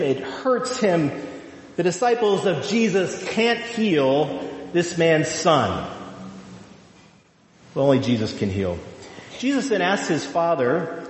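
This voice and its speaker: A male pastor giving a sermon, slow and emphatic, with drawn-out phrases. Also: high-pitched. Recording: echoey hall.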